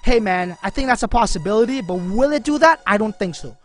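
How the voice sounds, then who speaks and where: A man's voice: high-pitched, expressive, brisk, soft background music. A man hosting a casual live stream on crypto, chatting with viewers and reading their comments in a slangy style full of fillers. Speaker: crypto livestream host.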